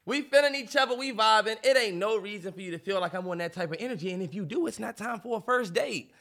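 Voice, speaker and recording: A man's voice: high-pitched, quick pace, creaky, fairly bright tone. Emphatic man losing his voice. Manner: emphatic, exasperated, cursing. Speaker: podcast co-host. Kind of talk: heated casual debate.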